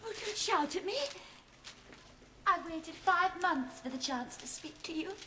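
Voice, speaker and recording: A woman's voice: extremely high pitch, lively intonation, unhurried, pushed and bright, full character voice. A plaintive, easily hurt young woman. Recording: noisy old TV sitcom with studio audience.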